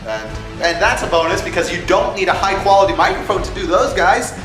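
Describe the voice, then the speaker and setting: A young man hosting a casual vlog that calls for voice actors for his fan film, animated and jokey, dropping into put-on voices. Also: high-pitched, fast talker. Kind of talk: casual casting-call vlog. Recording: echoey room with music behind.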